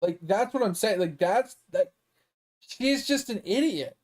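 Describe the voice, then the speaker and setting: Young male streamer, high-pitched, profane and worked up while he games. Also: lively intonation, measured pace, a little mellow. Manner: profane, heated, exasperated. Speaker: gaming streamer. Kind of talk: casual ranting commentary.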